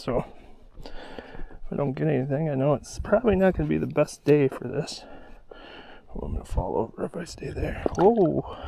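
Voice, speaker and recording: Outdoors vlogger, man, slightly higher voice, breathless, chatty walk-and-talk to a handheld camera. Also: creaky, dark tone, a little hiss or hum. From Wisconsin. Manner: chatty, talking while walking and pulling a cart. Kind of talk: casual walk-and-talk vlog. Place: outdoors in the woods and at a riverbank.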